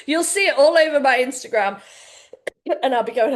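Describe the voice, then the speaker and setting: Frank, candid pregnant woman, high voice. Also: brisk. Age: late 30s. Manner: candid, frank, swears freely. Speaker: fitness coach and community founder. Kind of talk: casual heartfelt talk to members.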